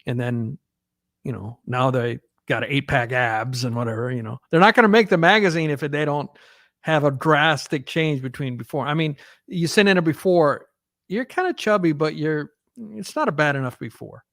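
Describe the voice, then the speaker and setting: Co-host, man, gravelly mid voice, dry close mic, rambling chatty delivery. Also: a little high, animated, normal speed, a bit bright, no echo. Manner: rambling, restarts often, laughs easily. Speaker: podcast co-host. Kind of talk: casual chat.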